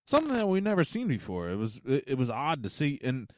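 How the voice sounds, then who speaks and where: Teasing man with a lively voice. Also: mid-range voice, fast talker, a little hiss or hum. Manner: teasing, jokey banter. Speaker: podcast co-host. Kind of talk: casual chat.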